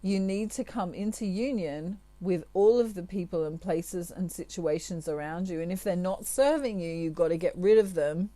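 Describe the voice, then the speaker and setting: A woman, a tarot reader, giving spiritual advice to her viewers in a chatty, gentle way with asides. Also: fairly low pitch, normal speed, few pauses, dry recording.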